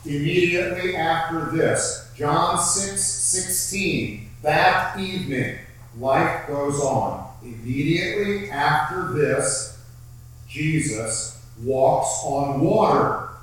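A man preaching a sermon at a very unhurried pace, leaning on repeated phrases for emphasis. His voice sits a bit high for a man. It is heard from a distance in a large, strongly echoing hall. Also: expressive, fairly bright tone. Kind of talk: sermon with scripture reading. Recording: very echoey room, heard from far off.

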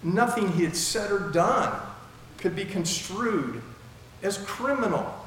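Guy preaching verse by verse, kinda high voice, tons of echo, asks the crowd questions a lot. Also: expressive, takes it slowly, fairly bright tone. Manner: conversational, asks rhetorical questions. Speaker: pastor. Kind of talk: expository sermon. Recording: very echoey hall, faint noise.

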